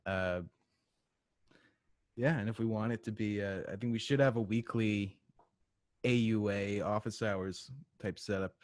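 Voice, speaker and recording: A man's voice: on the low side, fairly even intonation, a little slow, long pauses, no echo. Teasing male podcast co-host, dry sound. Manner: teasing, laughs easily. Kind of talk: casual podcast chat.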